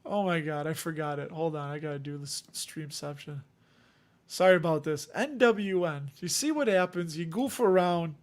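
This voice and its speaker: A man's voice: fairly high pitch, moderate pace. Joking Chicago man hosting a livestream. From Chicago area. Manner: rambling, joking, self-deprecating. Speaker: dividend investing livestream host. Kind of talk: casual livestream chat.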